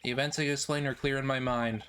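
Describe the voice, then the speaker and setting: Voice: medium pitch, fairly even intonation, fast talker, a bit bright, a little hiss or hum, natural voice. A streamer voicing a pompous, formal older male judge while reading a game aloud. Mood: stern.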